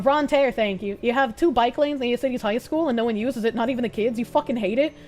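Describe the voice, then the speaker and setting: High-voiced Boston woman streamer. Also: slight background noise. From Boston, USA. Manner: profane, excitable, yells in bursts. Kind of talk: casual live-stream chat reading comments.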